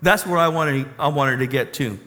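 A man preaching a sermon as a pastor, animated and questioning the congregation. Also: a little high, moderate pace. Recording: reverberant hall.

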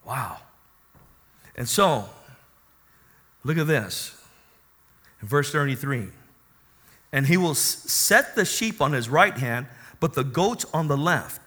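A man preaching a sermon who calls out to the congregation for amens and swings between quiet teaching and loud, rising exclamations. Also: medium pitch, animated, takes it slowly, pauses often. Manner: call-and-response preaching, asks the congregation for amens.

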